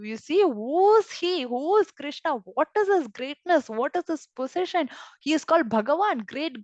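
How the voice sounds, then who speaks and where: A woman reading from scripture and explaining it in a devotional class, expressive, often laughing and giving everyday examples. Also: on the high side, dry recording, poor audio. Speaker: scripture reader and teacher.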